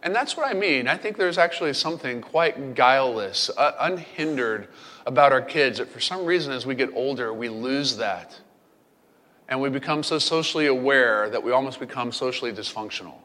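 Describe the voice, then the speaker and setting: A middle-aged man preaches in a playful, animated storytelling manner. His voice sits in a plain middle range. The sound carries a long reverb, as in a large hall. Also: mid-range voice, normal speed. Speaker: pastor. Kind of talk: sermon. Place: camp meeting hall.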